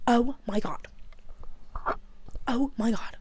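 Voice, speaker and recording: A young woman hosting a podcast, gushing excitedly through a casual book recap and dropping into hushed whispers for emphasis. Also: a little high, measured pace. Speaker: podcast host.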